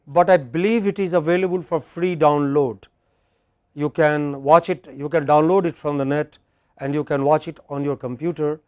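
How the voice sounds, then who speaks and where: A man with an Indian English accent lecturing students on English pronunciation, slow and repetitive, often checking with "okay?". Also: on the high side, a little mellow, dry recording. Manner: slow, repeats phrases and asks "okay?" often.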